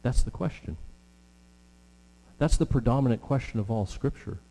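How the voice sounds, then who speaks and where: A middle-aged man preaching a sermon with earnest, drawn-out emphasis and frequent fillers. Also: mid-range voice, animated, dark tone. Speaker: pastor. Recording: long hall reverb with mains hum.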